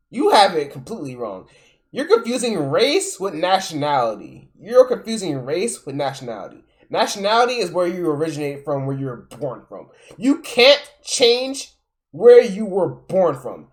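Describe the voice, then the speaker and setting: A man, talking loosely on a live stream as he reacts to a clip. His voice leaps up and drops low as he repeats himself in disbelief, and his talk is exasperated and profane. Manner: exasperated, repetitive, profane, swings loud and soft. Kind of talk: casual live-stream commentary.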